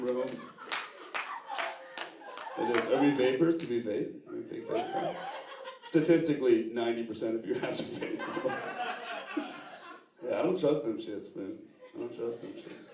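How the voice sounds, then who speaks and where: A man from the United States doing a live stand-up comedy set, talking loosely and profanely with quick asides to the audience. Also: lowish voice, background noise. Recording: roomy stage sound, distant mic, audience laughing.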